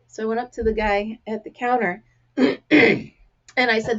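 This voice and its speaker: Woman, American accent, gravelly and throat-clearing, chatty anecdotal host, slightly dull recording. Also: fairly high pitch, a little fast. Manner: chatty storyteller, acts out quotes. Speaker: crafting vlog host. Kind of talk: casual chat to camera.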